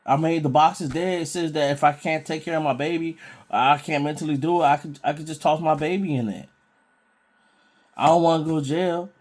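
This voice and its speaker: A man's voice: fairly high pitch, a little fast, lightly acted. A man voicing a careless young woman who defiantly excuses herself. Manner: defiant, self-justifying.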